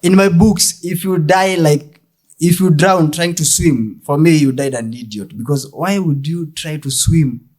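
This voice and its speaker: A young Kenyan man with a Kenyan accent performing a deadpan stand-up comedy set, mixing English and Swahili. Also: a little high, a little slow.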